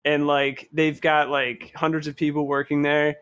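A man's voice: on the high side, monotone, normal speed, fairly bright tone, clean tone, muffled recording. A man hosting a podcast, chatting in an easygoing way. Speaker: podcast host. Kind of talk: casual chat.

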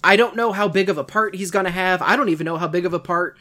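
A man's voice: sits high, fast, sharp tone. A man co-hosting a casual podcast, rambling in a self-deprecating, nitpicky way. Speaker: podcast co-host.

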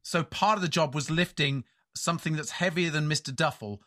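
A man's voice: fairly high pitch, a little fast, pushed and bright. A middle-aged man co-hosting a podcast, telling a rambling, self-mocking story in casual banter. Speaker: podcast co-host.

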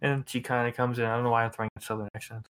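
A man's voice: mid-range voice, level tone, very fast, a bit bright, smooth. Rambling male game master. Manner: loose, rambling narration with many fillers. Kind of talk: narrating a tabletop game.

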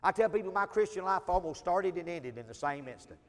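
A male preacher with a drawl tells his testimony in a folksy, storytelling way. His voice sits high for a man, and his volume rises and falls sharply. The sound carries a long reverb from a large hall. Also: animated, fairly quick. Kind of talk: sermon storytelling.

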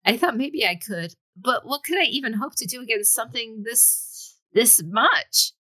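A woman's voice: fairly high pitch, animated, moderate pace, pushed and bright, breathy edge, dry recording, pitched above the performer's own voice, heavily acted. A woman voicing a frightened young male farmer who stammers and panics. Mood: panicked.

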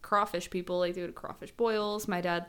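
A woman co-hosting a podcast in casual chat, animated, laughing often and swearing freely. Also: lowish voice, normal speed, clean tone. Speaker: podcast co-host.

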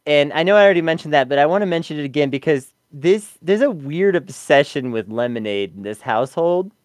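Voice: medium pitch, expressive, fairly quick, a little mellow, no echo. A podcast co-host recapping an episode in casual review chat, wry and often laughing. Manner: wry, laughing, sums up the plot.

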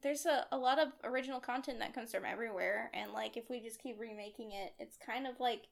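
A woman's voice: on the high side, quick pace, gravelly. Chatty woman podcast co-host. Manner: chatty, laughs often, many fillers. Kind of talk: casual chat.

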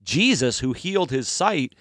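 A male preacher talks through a sermon in an easygoing, storytelling way. His slightly high voice rises and falls freely. The sound is dry and close. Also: measured pace, dry recording. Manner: conversational, animated storytelling.

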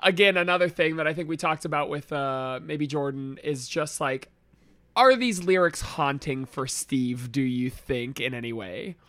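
A woman's voice: low voice, moderate pace, fairly bright tone, no echo. A tipsy woman co-hosting a casual podcast, asking questions with frequent giggles. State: tipsy from shots. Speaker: podcast co-host. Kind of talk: casual chat.

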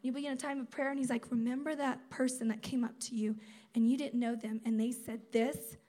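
A woman giving a sermon at a conference, conversational and animated, acting out quotes as she teaches. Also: a little high, a little fast. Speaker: speaker at a campus ministry conference.

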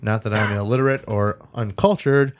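A man's voice: lowish voice, moderate pace. A man hosting a casual podcast, reading out a news list and stumbling over foreign place names. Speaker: podcast host.

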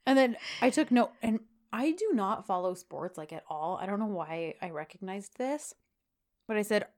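A woman's voice: medium pitch, animated, normal speed, darkish tone. A woman co-hosting a casual chat, recapping a TV episode and leaning on lots of "like" fillers. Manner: chatty, uses lots of "like" fillers. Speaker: podcast co-host.

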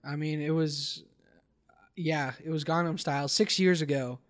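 Man, young, casual podcast banter, mock-serious, halting, raised pitch. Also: fairly even intonation. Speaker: podcast co-host.

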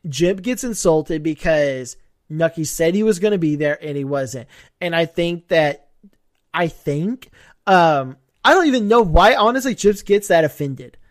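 A man with a fairly high voice rambles through a casual recap, swearing freely and breaking into laughs. The sound is close and dry. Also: expressive, no echo. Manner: rambling, profane, quick to laugh. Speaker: podcast co-host.

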